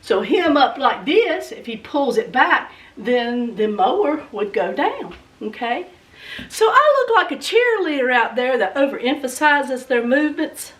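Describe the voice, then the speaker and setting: Woman, very high voice, dramatic storyteller, recorded from a distance. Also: sing-song, unhurried, fairly bright tone. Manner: dramatic, acts out scenes, talks to viewers. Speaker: vlogger. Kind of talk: animated storytelling vlog.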